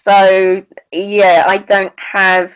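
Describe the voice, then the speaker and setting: A woman with a Southern English accent and a slight Irish twang, chatting casually as a paranormal co-host, with halting restarts. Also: mid-range voice, level tone, clean tone, poor audio. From England, family from Belfast. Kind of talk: casual chat.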